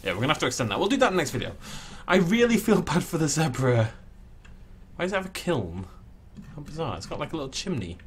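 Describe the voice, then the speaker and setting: Young man, lively voice, chatty gameplay commentary, faint hum in the background. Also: fairly high pitch, fast. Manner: chatty, talks to animals in a cooing voice. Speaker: gaming channel host.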